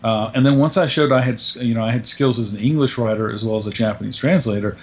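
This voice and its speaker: A man's voice: mid-range voice, quick pace. A man, co-hosting a casual podcast chat, rambling with many fillers and restarts. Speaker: podcast co-host.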